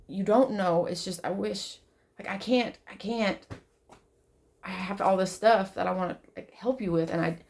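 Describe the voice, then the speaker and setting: In a medium-pitched, gravelly voice, a woman vlogs an emotional monologue directly to camera. She swears a lot, repeats herself, and shifts from loud outbursts to soft, quiet pleas.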